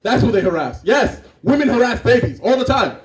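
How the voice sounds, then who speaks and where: Male comedian from Cameroon, high lively voice, roomy club, crowd laughter. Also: brisk. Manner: animated, acts out scenes and voices. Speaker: stand-up comedian. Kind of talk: stand-up comedy. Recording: roomy club, far from mic, audience laughing.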